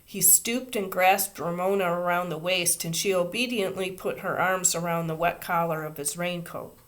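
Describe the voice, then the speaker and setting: A woman, a teacher, reading a children's chapter book aloud with expressive, steady storytelling. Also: fairly low pitch, moderate pace.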